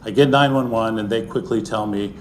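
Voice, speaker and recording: A middle-aged man telling a personal story to an audience, earnest, and often sinking into a soft, hushed voice. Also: lowish voice, fairly quick, a little hiss or hum. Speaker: speaker sharing a personal story.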